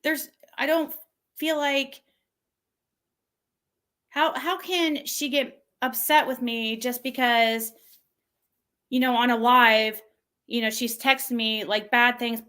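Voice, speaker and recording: Woman, high voice, casual livestream rant, exasperated, venting. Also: fairly even intonation, takes it slowly, pauses often, bright, forceful tone. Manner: venting, exasperated, mocks quoted texts in a shrill voice. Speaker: channel host.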